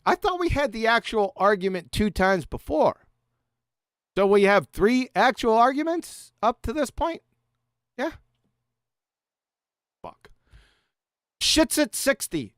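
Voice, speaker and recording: A man ranting sarcastically at a critic, swearing heavily and swinging between loud jabs and low mutters. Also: expressive, a little slow, pauses often, no echo, studio quality. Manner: sarcastic, insulting, heavy swearing. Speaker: YouTube debunker. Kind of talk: profane mocking rant reacting to a critic.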